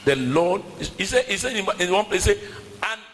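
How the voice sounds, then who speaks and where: Animated West African preacher in echoey hall. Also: male voice, high-pitched, fairly quick, slight background noise. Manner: emphatic, repetitive preaching with congregation call-and-response. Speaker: pastor. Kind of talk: sermon. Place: church.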